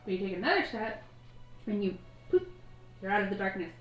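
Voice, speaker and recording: A woman's voice: mid-range voice, sing-song, a little fast, a bit bright, muffled recording. A woman narrating as game master of a tabletop game, eating and laughing as she talks. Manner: eating while talking, laughing often. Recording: echoey room, background noise.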